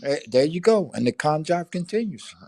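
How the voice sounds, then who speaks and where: Brief: older New York guy, cusses freely, high pitch, dry close sound. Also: very animated, moderate pace, darkish tone, dry recording. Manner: profane, storytelling, street talk. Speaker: livestream co-host. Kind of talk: casual chat.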